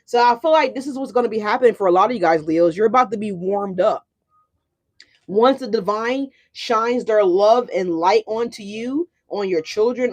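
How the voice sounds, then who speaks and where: A woman's voice: on the high side, a little mellow. A woman doing a casual tarot reading for her viewers, chatty and profane, often asking "right?". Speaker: tarot card reader.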